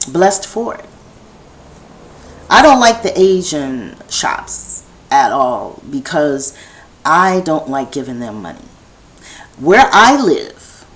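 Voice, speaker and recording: Here a woman vlogger with a fairly low pitch drifts through a personal monologue from her home set. She restarts ideas and wanders into chatty asides, and the recording is low quality.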